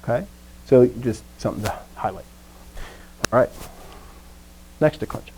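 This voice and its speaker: The young man here has a medium-pitched, darkish voice with lively intonation at normal speed, recorded with poor audio and a little hiss or hum. In his Greek lesson for adults, he's upbeat and self-deprecating, running call-and-response drills of words for students to repeat.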